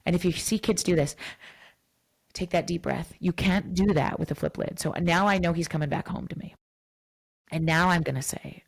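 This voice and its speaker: Woman psychologist on a podcast, lowish gravelly voice, acts out little scenes. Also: brisk. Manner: animated, acts out dialogues, switches to soft whispers. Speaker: psychologist guest. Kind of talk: podcast interview.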